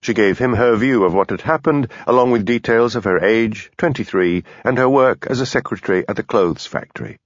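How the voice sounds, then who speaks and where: A man narrating a mystery audiobook in an expressive, lively reading. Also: mid-range voice, brisk, hardly any pauses, no echo. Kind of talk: scripted narration. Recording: dull, dry studio sound.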